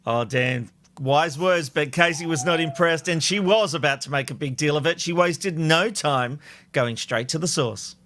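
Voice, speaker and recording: A man's voice: a little high, moderate pace, a bit bright, slight background noise. A man hosting a casual recap chat show, playful and gushing with compliments. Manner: gushing and playful, hands over to clips. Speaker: podcast host.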